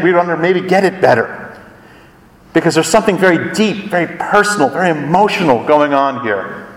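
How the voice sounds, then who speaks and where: A pastor delivering a sermon, teaching and musing with lively rises and drops in his voice. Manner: animated, swinging pitch for emphasis. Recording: echoey hall, from far off.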